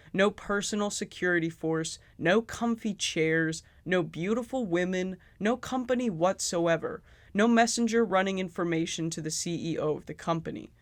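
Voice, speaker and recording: Dude ranting sarcastically about a game, highish voice, dry close sound. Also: male voice, no echo. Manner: sarcastic, profane, exasperated. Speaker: video essayist. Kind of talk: critical game commentary.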